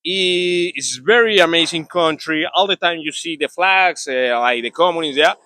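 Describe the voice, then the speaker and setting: Young man, Colombian accent, native Spanish speaker, halting English, bright voice, dry close sound. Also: a little high, dry recording. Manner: halting non-native English with many restarts. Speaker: interviewee. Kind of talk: casual interview talk.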